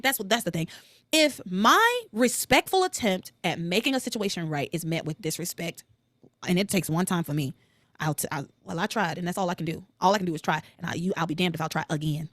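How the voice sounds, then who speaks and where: A woman recaps soap opera episodes on her solo podcast, opinionated and quick to swear. Her pitch swings all over the place as she gets worked up. The sound is dry and close. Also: no echo. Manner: animated and opinionated, swears freely, quotes characters with jumps in pitch.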